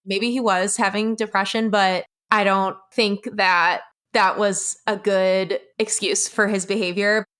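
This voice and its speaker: A woman's voice: medium pitch, level tone, unhurried, few pauses, a bit bright, smooth. A young adult woman, a guest on the show, recounting a personal story in a blunt, candid way and swearing freely. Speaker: podcast guest.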